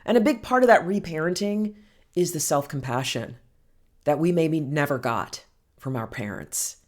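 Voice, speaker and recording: A woman giving a heartfelt self-help talk as a healing coach, speaking gently and soothingly and calling the listener honey. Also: sits low, expressive, moderate pace. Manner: affectionate, calls listener honey and girl.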